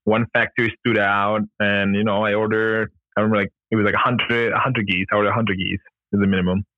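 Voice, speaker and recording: A man with a fairly low voice tells a long story as a podcast guest, filling it with "like" and "you know" and chuckling along the way. The sound is dry and close, with a slightly dull, muffled tone. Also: little pitch movement, fast, no room sound. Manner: rambling, heavy use of "like" and "you know", laughs often. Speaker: podcast guest, gear company founder. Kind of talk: casual storytelling in an interview.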